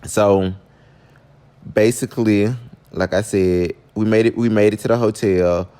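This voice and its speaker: A man with a fairly low voice tells a personal story in a chatty storytime vlog. He talks straight to his viewers and his pitch jumps up suddenly when he gets worked up. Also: steady tone, a little slow, warm tone, clean tone.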